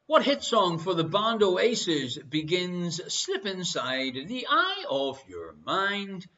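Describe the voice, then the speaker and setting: A man with an Irish accent hosting a live online quiz, playful and repeating each question slowly. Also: sits high, huge pitch swings, pushed and bright, dull audio. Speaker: quiz host.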